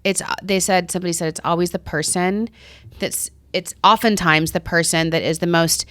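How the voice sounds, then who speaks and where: A chatty middle-aged woman co-hosting a casual podcast, telling stories and putting on the voices of people she met. Her voice sits a little low, and the recording is dry and close. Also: steady tone, moderate pace, a bit bright, dry recording. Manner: chatty storyteller, acts out quoted voices. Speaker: podcast co-host. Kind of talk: casual chat.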